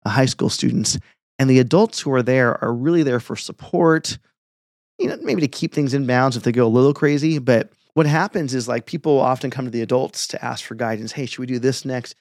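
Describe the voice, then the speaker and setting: A middle-aged man, a pastor, chatting and telling stories in an earnest, relaxed way. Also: mid-range voice, a little fast, no room sound, studio quality. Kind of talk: casual podcast chat.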